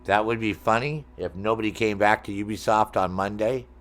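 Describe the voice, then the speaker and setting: A middle-aged man with a low voice chats loosely while he plays a game on stream. He rambles from topic to topic, swearing freely and joking with his viewers. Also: steady tone, normal speed, a bit bright. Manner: rambling, profane, jokey, talks to chat. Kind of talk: casual gaming stream chat.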